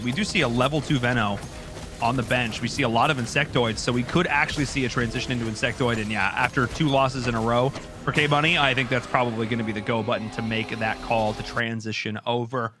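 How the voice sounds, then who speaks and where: A man giving live esports commentary, jokey and rambling, full of fillers and asides. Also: mid-range voice. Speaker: esports caster.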